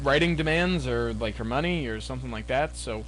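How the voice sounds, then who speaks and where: A young man jokes and teases his way through a college radio show, with lots of "like" and "um". His pitch is ordinary, and a faint electrical hum sits behind him. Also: fairly quick, fairly bright tone, rough recording. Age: young adult. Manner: joking, teasing, many fillers. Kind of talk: casual radio chat.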